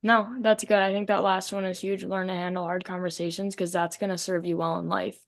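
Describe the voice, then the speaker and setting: A young woman co-hosting a casual podcast chat, animated, acting out the voices of people she quotes. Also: lowish voice, fairly quick, creaky. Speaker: co-host, softball player.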